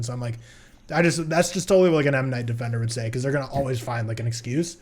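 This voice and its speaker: A man in casual podcast chat, talking about a film in a loose, rambling way and leaning on filler words as he thinks aloud. His voice sits at an ordinary middle pitch. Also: very fast, darkish tone. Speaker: podcast co-host.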